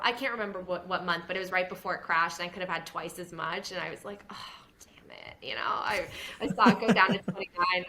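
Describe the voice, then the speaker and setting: A woman and former news reporter, now a podcast host, talking casually in an interview, animated and laughing often. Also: fairly low pitch. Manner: animated, laughs often, mimics others in quotes.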